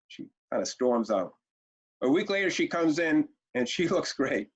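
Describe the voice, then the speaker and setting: A man with a fairly high voice presents a parenting webinar in an animated, storytelling way. He asks rhetorical questions and repeats key words for emphasis. The sound is dull and lo-fi, like a muffled webinar recording. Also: normal speed, slightly rough. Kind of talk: energetic storytelling lecture.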